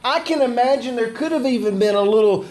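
A man's voice: very high voice, fast talker, darkish tone. A man preaching a conversational sermon, acting out the scripture voices he quotes. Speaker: pastor.

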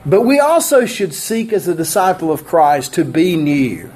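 A man preaching a sermon as pastor, animated and emphatic, with laughing asides and repeated phrases. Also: a little high, normal speed, husky.

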